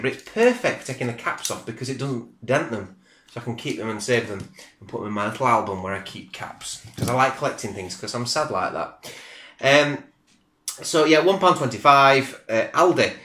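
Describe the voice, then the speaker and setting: A middle-aged man reviews beer in a casual video, his medium-pitched voice pushed and bright. Recorded at home on a camera mic with roomy room echo, he comes across chatty, rambling, and self-deprecating.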